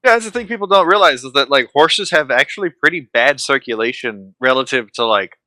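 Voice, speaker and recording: A man's voice: medium pitch, animated, a little fast, bright, forceful tone, no room sound. A young man chatting casually on a podcast, wry and matter-of-fact. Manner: wry, explains things matter-of-factly. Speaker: vtuber guest.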